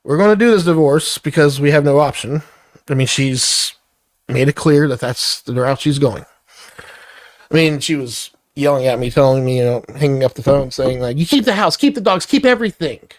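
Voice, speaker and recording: A man's voice: medium pitch, fairly even intonation, moderate pace, no room sound, studio quality. A middle-aged man venting in a blunt, profane, irritated personal vlog rant. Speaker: vlogger.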